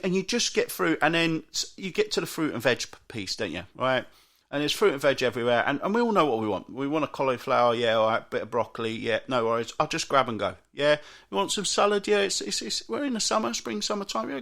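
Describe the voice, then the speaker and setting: A man's voice: on the high side, a bit bright. A man hosting a solo podcast, grumbling in an exasperated, sarcastic way. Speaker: podcast host. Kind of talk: ranting solo podcast monologue.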